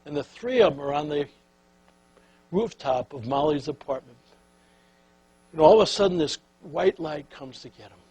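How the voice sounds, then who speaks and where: An older man giving a talk on leadership, telling a story in a folksy, animated way and sinking to a soft, hushed voice at the tender moments. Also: fairly high pitch, normal speed, pauses often, husky, poor audio. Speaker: speaker on leadership.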